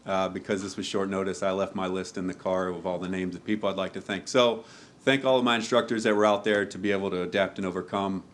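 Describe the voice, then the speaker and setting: Joking fire lieutenant, low voice, halting. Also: male voice, fairly even intonation. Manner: joking, candid, halting with fillers. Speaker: fire lieutenant giving a speech. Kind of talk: informal ceremony speech. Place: hall at a ceremony before an audience.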